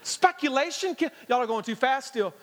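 A man's voice: very high voice, expressive, moderate pace, a bit bright, long reverb tail. A man preaching a sermon as guest pastor, telling the story with humor and acting out the scenes. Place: church sanctuary. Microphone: handheld or stage microphone.

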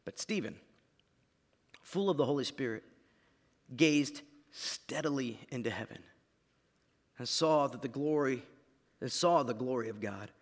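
Pastor preaching with dramatic swings. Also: male voice, mid-range voice, animated, a little slow, pauses often. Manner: dramatic, swings from quiet to shouting. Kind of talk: sermon. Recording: long reverb of a large hall.

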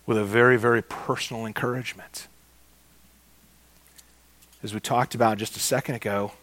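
A man preaching a sermon, slow and emphatic, repeating key phrases and calling his listeners "guys". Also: medium pitch, no echo.

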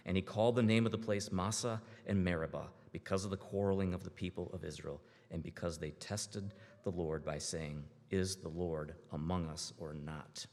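A man reading scripture aloud in an earnest, measured way, then leading a halting prayer. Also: sits low, fairly even intonation, darkish tone, in a large hall. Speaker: scripture reader and prayer leader.

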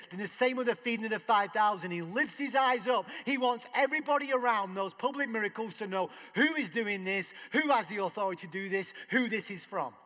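A man's voice: sits high, sharp tone, long reverb tail. A man preaching a sermon in a conversational way, asking rhetorical questions. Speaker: pastor.

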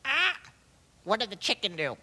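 High squawky parrot voice, bright and shrill, wild pitch jumps. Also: male voice, wildly swooping pitch, normal speed, a little hiss or hum, heavily acted. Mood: sly.

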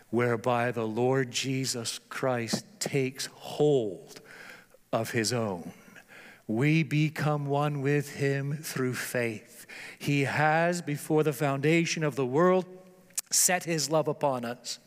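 A man preaching a sermon whose delivery swings from loud declarations down to hushed, low tones. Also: fairly even intonation, slow, in a large hall.

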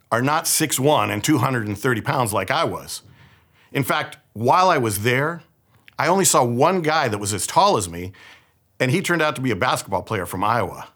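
Man, young adult, from the Bay Area, pastor, storytelling sermon, husky, lively pitch. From San Francisco Bay Area. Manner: conversational, animated storytelling.

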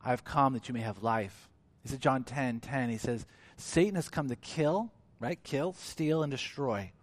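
A man preaching a sermon in an animated way, acting out quoted voices with big swings in pitch and loudness. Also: a little slow. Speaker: pastor.

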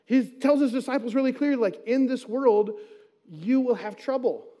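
A male pastor delivers a sermon in a conversational, earnest way. His voice sits notably high for a man, and he slips into quoted asides as he talks. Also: normal speed, mellow.

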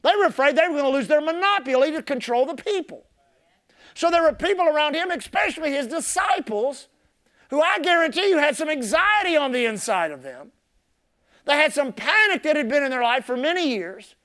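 A man preaching a sermon as pastor, impassioned and repeating his key phrases, swinging from shouted emphasis to soft, low asides. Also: very animated, brisk.

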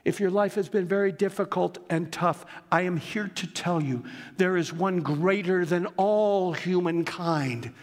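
A male pastor with a high-pitched voice preaches unhurriedly in a big-sounding room. His sermon is earnest and emphatic, weaving scripture together with personal stories told as asides.

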